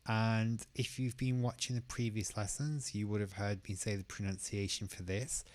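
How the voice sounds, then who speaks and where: A man teaching English pronunciation, slowly repeating each word clearly for learners in a careful lesson style. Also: lowish voice, little pitch movement, no room sound.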